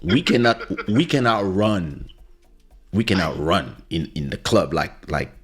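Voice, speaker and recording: A man hosting a podcast, telling a story in a casual, animated way, acting out quotes and slipping into French phrases. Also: sits low, unhurried, slightly rough, soft background music. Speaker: podcast host.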